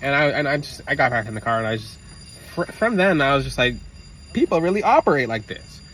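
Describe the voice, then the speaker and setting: A man telling a personal story in a casual, rambling monologue, interrupting himself and bursting into loud re-enacted shouts. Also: mid-range voice, lively intonation, fast. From Florida. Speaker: religious vlogger. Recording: slightly distant mic, faint outdoor traffic noise.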